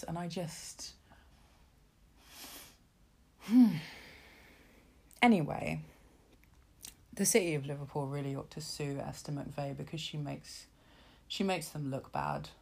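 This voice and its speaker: Woman ranting, lowish voice, sarcastic and sweary, lots of "you know". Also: mellow. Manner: sarcastic, sweary, exasperated, lots of fillers and asides. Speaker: vlogger. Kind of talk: casual political rant.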